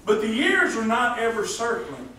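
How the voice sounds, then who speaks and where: A man's voice: very high-pitched, big pitch swings, moderate pace, sharp tone. A man preaching a folksy sermon as pastor, joking and asking the congregation questions. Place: church hall. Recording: echoey hall, distant mic.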